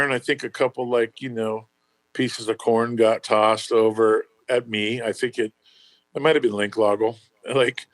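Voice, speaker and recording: Low-voiced man telling profane road stories. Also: no echo. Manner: profane, rambling, laughing anecdotes. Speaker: touring band member guest. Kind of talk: casual podcast storytelling.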